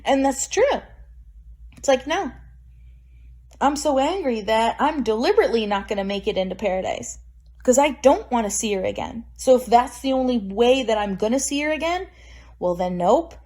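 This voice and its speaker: Bitter, emphatic woman vlogger, high voice. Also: expressive, normal speed, a little mellow. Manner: bitter, laughs wryly, raw and emphatic. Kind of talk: emotional personal vlog monologue.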